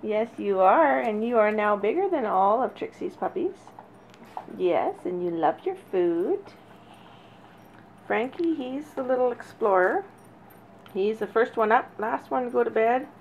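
A woman breeder talking casually and fondly while she films her puppies, now and then calling to them in a high sing-song. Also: expressive, a little slow. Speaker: dog breeder. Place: indoors near a puppy crate. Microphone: handheld camera. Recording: dull lo-fi audio with faint noise.

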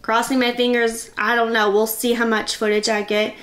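Chatty, high-voiced young woman vlogger. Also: normal speed. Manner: chatty and excitable, rambling. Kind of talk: casual vlog chat. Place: her bedroom at home.

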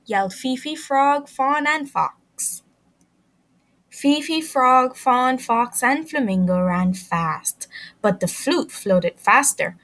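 A woman reads a picture book aloud to young children, taking her time over each phrase. Her high voice swoops up and down in a lively, sing-song way. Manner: slow, expressive, sing-song storytelling. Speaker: children's story reader and channel host.

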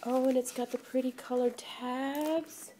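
A woman vlogging an unboxing on a handheld phone, gushing and gasping with breathless excitement. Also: high voice, measured pace, slight background noise. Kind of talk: casual unboxing chat. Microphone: phone held in hand.

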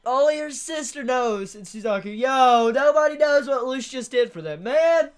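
A woman giving live reaction commentary, excitable, swearing and constantly exclaiming. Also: sits high, moderate pace. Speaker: anime reaction host.

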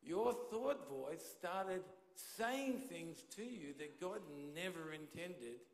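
A man's voice: sits high, lively intonation, slow pace. A man preaching a sermon in a church auditorium, speaking conversationally and checking in with the congregation, into a handheld microphone. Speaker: pastor. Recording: echoey hall with long reverb.

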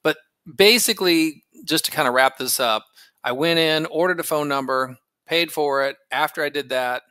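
A man's voice: on the high side, normal speed, bright, forceful tone, dry recording. A man casually walking through a phone service setup, thinking aloud with fillers as he clicks along. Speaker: tech tutorial host. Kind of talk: casual screen-recording walkthrough.

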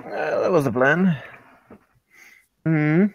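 A man's voice: fairly high pitch, animated, slow pace, creaky, dull audio. A man playing in a tabletop game, with wry, laid-back banter. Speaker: player. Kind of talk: casual tabletop game chat.

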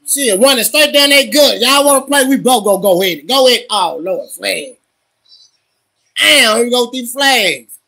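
A man livestreaming his reactions to a football game, loud and profane, cheering on and scolding his team. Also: very high voice, lively intonation, moderate pace, creaky. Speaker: livestream host.

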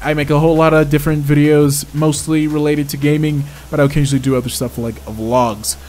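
A man's voice: a little high, flat delivery, brisk, darkish tone, a little hiss or hum. A man giving chatty gameplay commentary as a game reviewer, exclaiming often and laughing at his own mistakes. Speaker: game reviewer and channel host.

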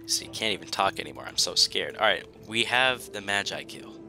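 A man's voice: on the low side, lively intonation, a little fast, sharp tone, faint music behind. A young man commentating his own strategy game, pleading and joking at the enemy in a dramatic, self-mocking way. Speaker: gaming YouTuber. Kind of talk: gameplay commentary.

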